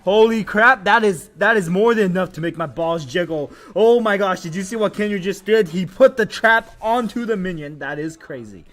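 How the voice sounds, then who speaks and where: A man with a high-pitched voice calls a mobile game match on his livestream. He swings from low mutters to hyped shouting and fills it with crude jokes and exclamations. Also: moderate pace, hardly any pauses.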